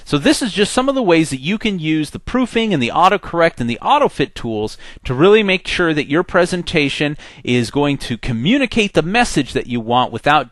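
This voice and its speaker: Guy doing a screen tutorial, chatty, bouncy pitch, voices the popups, dry sound. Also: a bit bright, dry recording. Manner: chatty, acts out the program's messages in voices. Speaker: software instructor. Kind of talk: screen-recorded software tutorial.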